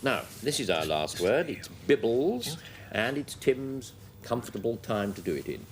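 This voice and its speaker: A middle-aged man hosting a panel game show, brisk and dryly amused. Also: mid-range voice, big pitch swings, slight background noise. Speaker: quiz show host.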